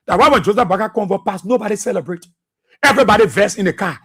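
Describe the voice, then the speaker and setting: High-voiced husky Liberian radio host, bright and fiery, preacher-like repeats. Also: male voice, very fast. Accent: Liberian English. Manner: fiery, repetitive, preacher-like delivery. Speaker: radio talk show host. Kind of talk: impassioned political commentary.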